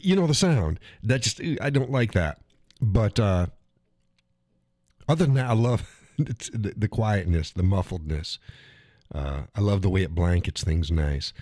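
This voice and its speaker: Low-voiced middle-aged man chatting, dry sound. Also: darkish tone, no echo. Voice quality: chuckles often while talking. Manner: rambling, restarts and repeats phrases. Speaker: live stream host. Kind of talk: casual solo chat.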